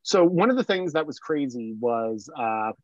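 A man's voice: mid-range voice, animated, moderate pace, dry recording, muffled recording. A man from South Jersey, a podcast guest, telling stories in a rambling way full of fillers. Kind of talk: casual storytelling.

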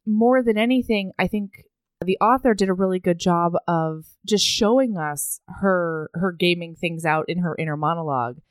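A woman co-hosting a podcast, talking casually about a book in an animated way and laughing easily. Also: lowish voice, moderate pace, clear, resonant tone, no room sound. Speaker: podcast co-host.

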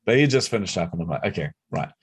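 A middle-aged man telling a personal story as an interview guest, animated and competitive. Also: lowish voice, racing, husky. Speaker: guest, speaker and entrepreneur.

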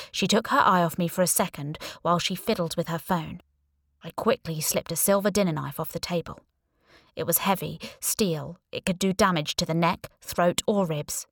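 Woman narrator, lowish voice, dry studio sound, playful first-person audiobook read. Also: no echo. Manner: expressive, wry, playful.

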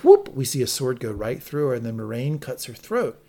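A man co-hosts a fan podcast and recaps a TV episode with big, lively swings in pitch. He swears freely and slips into the characters' lines as he goes. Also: moderate pace. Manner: animated, profane, quoting dialogue. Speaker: podcast co-host.

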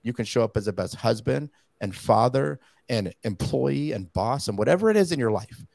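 Gravelly dude, lively up and down voice, slangy and blunt, dry mic. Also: male voice, medium pitch, moderate pace, no room sound. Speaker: podcast guest. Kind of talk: casual podcast talk.

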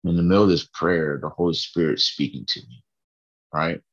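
In a casual faith vlog shot in his bedroom, a tired man rambles earnestly about his morning prayer and laughs at himself. His voice is extremely low with vocal fry and a steady tone, a little fast, captured with lo-fi sound.

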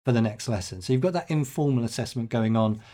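A middle-aged man, a headteacher, answering podcast interview questions in a thoughtful, measured way with frequent ums and restarts. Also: medium pitch, mellow.

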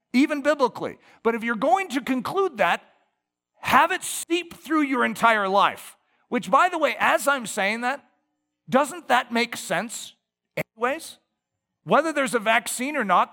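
Animated, bright-voiced American pastor preaching. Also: male voice, very high voice, in a large hall. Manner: animated preaching with emphatic lists and rhetorical questions. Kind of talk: sermon.

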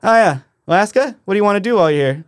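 A man putting on a gruff old heckling stagehand. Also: high-pitched, lively intonation, racing, dry recording, clean studio sound, pitched above the performer's own voice. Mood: teasing. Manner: heckling, teasing. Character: gruff older mustachioed male stagehand who teases people.

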